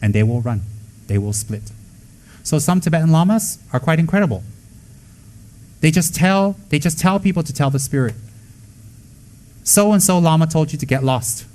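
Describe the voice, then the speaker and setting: A man giving a Buddhist dharma talk to students, blunt and scolding, with joking asides and quick acted-out quotes. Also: fairly high pitch, lively intonation, darkish tone, low-quality recording. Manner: acts out quoted voices. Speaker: Buddhist teacher.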